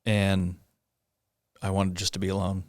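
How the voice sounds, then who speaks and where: A middle-aged police officer, appearing as a guest, tells an interviewer a personal story in a lowish voice recorded close and dry, with no room sound. His delivery is completely flat and halting, full of filler-word stops, with an occasional rueful laugh.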